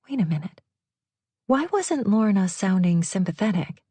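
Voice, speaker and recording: A woman narrating a novel in a measured, even way on a close studio mic. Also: mid-range voice, husky, no room sound. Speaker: audiobook narrator. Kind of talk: scripted narration.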